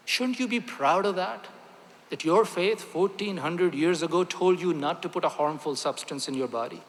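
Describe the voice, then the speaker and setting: A man's voice: on the high side, measured pace, a bit bright. A man, a doctor, giving a motivational talk to a gathering, emphatic and repeating key phrases with rhetorical questions. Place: large hall with audience. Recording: echoey hall.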